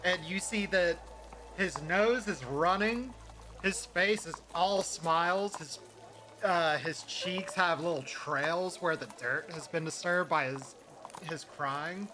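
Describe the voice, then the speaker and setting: A man narrating a tabletop game as game master, chatty and quick to laugh, with many fillers. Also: a little high.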